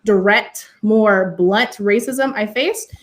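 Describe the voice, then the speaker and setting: An earnest young woman from California speaks on a panel discussion at a medium pitch. She tells her own story with conviction and keeps leaning on "you know" as she talks. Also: slow. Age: young adult. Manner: passionate, heavy use of "you know". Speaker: panelist and teacher.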